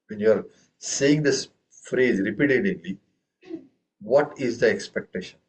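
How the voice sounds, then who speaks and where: The audio is poor, and the man's lowish voice runs a little slow as he leads an online group tabla lesson. He fires question after question at his students and recites drum syllables, hitting the first one hard.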